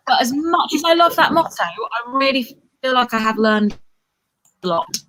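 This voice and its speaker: Stand-up comic, female, Cambridge English accent, fairly high voice, faint noise behind. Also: normal speed. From Cambridge, England. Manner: bright, self-deprecating, deadpan punchlines. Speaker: stand-up comedian. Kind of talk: stand-up routine over a video stream.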